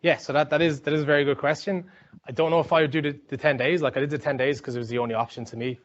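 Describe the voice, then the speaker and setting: A man's voice: a little high, fairly even intonation, racing. A young Irish man giving a rambling, chatty talk full of fillers and restarts. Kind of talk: informal talk with anecdotes. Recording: dull lo-fi sound.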